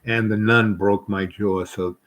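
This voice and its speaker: A man's voice: lowish voice, steady tone, unhurried, fairly bright tone, rough recording. A man casually telling a long personal story, rambling with fillers and quoting others.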